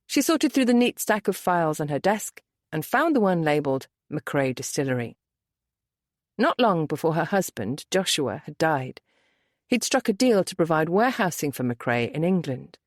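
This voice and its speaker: Expressive female romance narrator, low voice, dry close mic. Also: normal speed, no room sound. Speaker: audiobook narrator.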